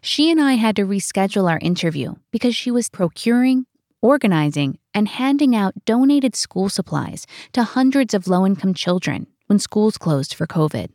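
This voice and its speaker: A woman narrating a true story in an earnest, measured way, as the host. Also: medium pitch, big pitch swings, a little mellow, no echo, studio quality. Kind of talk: scripted narration.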